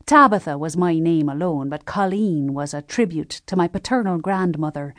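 Slow, measured woman narrating a novel. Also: fairly low pitch, no echo, clean studio sound. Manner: measured, gentle storytelling. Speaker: audiobook narrator. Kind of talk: scripted first-person narration.

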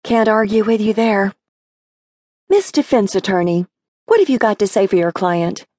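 A woman voicing a blunt, sharp-tongued seventeen-year-old girl in a brisk, scolding manner. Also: medium pitch, no echo, studio quality, voice pushed up, natural voice. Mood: wry.

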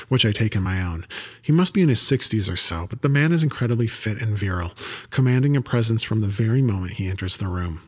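A man narrating a story in the first person for an audiobook, with even, steady storytelling. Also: lowish voice.

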